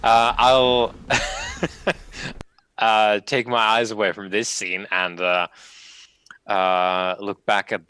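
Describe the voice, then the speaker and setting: A man playing a tabletop game, talking in a halting way with many fillers. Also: lowish voice, level tone, sharp tone, clean tone, no room sound. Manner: hesitant, halting, full of fillers. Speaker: player.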